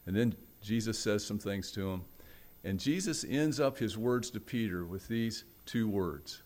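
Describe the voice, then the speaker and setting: Dramatic, storytelling male preacher. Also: measured pace. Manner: dramatic storytelling, swinging from loud and high to hushed; acts out the quoted voices in the story. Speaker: pastor. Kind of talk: sermon.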